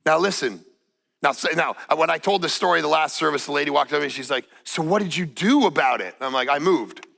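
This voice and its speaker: Gravelly, bright-voiced storytelling pastor. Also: male voice, a little high, animated, brisk. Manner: conversational, building to emphatic. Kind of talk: sermon storytelling. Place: church stage.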